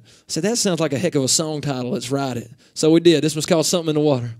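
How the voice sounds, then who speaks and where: Chatting fast in a mid-range, slightly mellow voice, a young Southern-accented man from Northeast Georgia, USA, fills the gaps between his country songs at a radio station lounge. His banter is casual, joking, and rambling.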